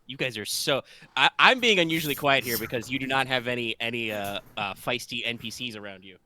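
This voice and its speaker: A man's voice: mid-range voice, a little fast, pushed and bright. A man running a tabletop game as game master, with wry, teasing asides.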